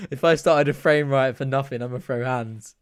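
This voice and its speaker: A young man hosting a live football watch-along, shouting at the match, swearing and groaning over his team. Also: medium pitch. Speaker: fan watch-along host.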